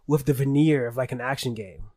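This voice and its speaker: A tipsy young man co-hosting a podcast, excitable and swearing a lot, laughing often. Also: medium pitch, brisk, dry recording, studio quality. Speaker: podcast co-host. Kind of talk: casual chat.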